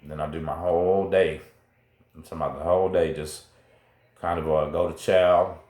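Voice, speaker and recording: Middle-aged man, low-pitched, slangy casual storytelling, roomy echoey sound. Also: fairly even intonation, moderate pace, a little mellow. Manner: laid-back, slangy, talks straight to viewers. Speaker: host. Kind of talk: casual first-person storytelling.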